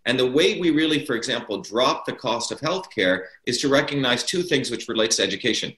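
Guy pushing his point hard in an interview, hammers the same words, mid pitch, echoey room. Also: expressive, brisk, a bit bright. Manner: emphatic, repeats key words for stress. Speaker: interview guest. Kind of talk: political argument in an interview. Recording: roomy echo.

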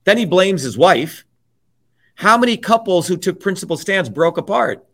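A man with a somewhat high voice rants as a guest on an interview show. His delivery is heated and forceful, full of profanity and repeated jabs. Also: lively intonation, normal speed. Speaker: interview guest, political candidate. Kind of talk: heated political rant.

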